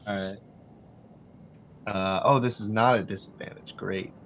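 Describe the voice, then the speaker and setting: A man playing a tabletop game, speaking quietly and matter-of-factly. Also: lowish voice, fairly even intonation, a little slow. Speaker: player. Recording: noisy home recording.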